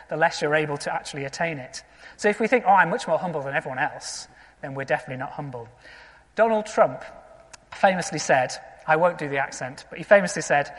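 A mid-pitched pastor preaches to the congregation in an earnest, conversational manner, often checking in with little rhetorical questions. The voice rings out with the long reverb of a church hall. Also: fairly bright tone. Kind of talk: sermon.

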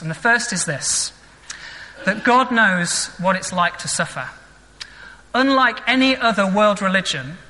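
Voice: medium pitch, pushed and bright. A vicar preaching a sermon in an earnest, reflective way, asking rhetorical questions. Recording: long echoing church reverb.

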